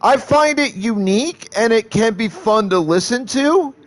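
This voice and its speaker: A male streamer talks in a high, lively voice that rises and falls widely. His pace is unhurried, and he rambles and swears through casual chat, often restarting sentences. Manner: rambling, profane, with frequent restarts.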